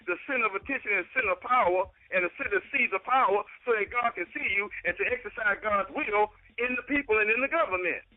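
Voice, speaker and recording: Brief: older man, high-pitched and preachy, heated debate, tinny phone-line sound. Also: quick pace, hardly any pauses. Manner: preachy, fervent, keeps saying "brother" and "okay".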